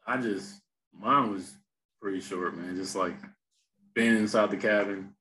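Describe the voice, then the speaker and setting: A man's voice: lowish voice, steady tone, unhurried, bright, forceful tone, a little hiss or hum, rough recording. A man co-hosting a podcast in casual chat, talking in a laid-back, slangy way and laughing often. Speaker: podcast co-host.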